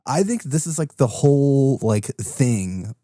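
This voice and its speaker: A man's voice: medium pitch, big pitch swings, a little slow, dark tone, no room sound, studio quality. A man co-hosting a podcast in casual chat, ranting with plenty of swearing and laughter. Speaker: podcast co-host.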